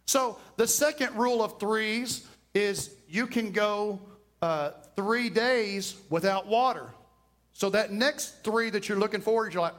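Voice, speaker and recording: High-voiced man preaching a sermon. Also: a little slow. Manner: animated preaching, varies pace widely. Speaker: pastor.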